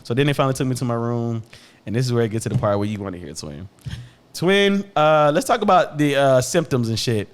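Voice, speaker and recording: Animated, fast-talking young man. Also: medium pitch. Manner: animated, profane slang, laughing. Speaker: podcast host. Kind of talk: casual storytelling.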